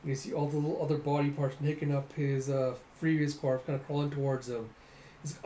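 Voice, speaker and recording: A man's voice: fairly high pitch, level tone, a little fast, warm tone. A man hosting a casual comic readthrough who narrates the action animatedly and voices the sound effects. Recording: echoey room, faint noise.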